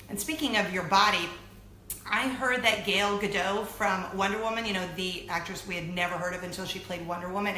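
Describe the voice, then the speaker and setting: A woman in her thirties with a medium-pitched voice hosts a weekly web show, chatting casually to camera in an animated, self-deprecating way. The recording sounds like an echoey room with faint background noise.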